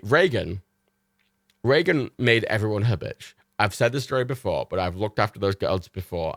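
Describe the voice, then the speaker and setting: Tipsy man, lively rambling chat. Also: on the low side, no room sound, clean studio sound. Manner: rambling, laughs often, swears freely. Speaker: livestream host. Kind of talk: casual chat.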